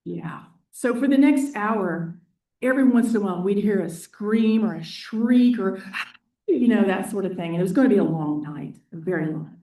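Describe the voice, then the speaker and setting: Animated storytelling woman in an echoey hall. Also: medium pitch, normal speed. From East Central Indiana. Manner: animated, acts out quoted voices and whispers. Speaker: award winner giving a talk. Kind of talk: storytelling talk with slides. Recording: echoey hall, distant mic.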